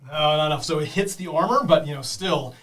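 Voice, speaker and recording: A male game master leading beginners through a tabletop game, animated and quick to laugh, throwing in sound effects. He talks fast in a slightly raised voice, picked up from a distance away from the mic. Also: a little high.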